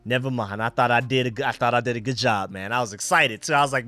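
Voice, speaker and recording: A man hosting a casual live football stream, chatting excitedly with viewers and reacting to plays. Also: mid-range voice, fast, no room sound, soft background music. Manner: excited, chatty, talks to chat and his dogs. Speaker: livestream host.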